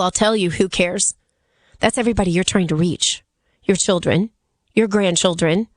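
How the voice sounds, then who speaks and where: A middle-aged woman with a raspy voice, hoarse from laryngitis, filling in as a radio talk host with a chatty, earnest, pleading manner. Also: mid-range voice, no room sound.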